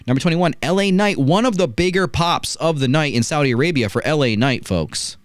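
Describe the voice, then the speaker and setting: A man hosts a wrestling review show and talks with a lively, swinging pitch. His voice sounds dry and close to the mic, with very little room sound. He tells the action as a story and keeps checking in with rhetorical asides. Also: fairly quick, no room sound. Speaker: wrestling podcast host. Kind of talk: casual review chat.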